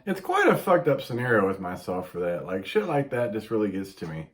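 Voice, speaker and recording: A man's voice: on the low side, very animated, fairly quick, crowd noise. A man in casual chat, earnest and rambling, swearing as he goes.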